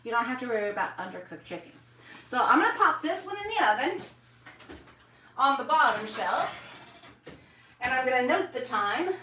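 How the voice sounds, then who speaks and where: A woman's voice: high voice, big pitch swings, normal speed, long pauses, sharp tone, distant mic, slight background noise. Chatty woman in an echoey kitchen. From United States. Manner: chatty, folksy, talks to viewers directly. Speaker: cooking show host. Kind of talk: live cooking demonstration. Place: home kitchen.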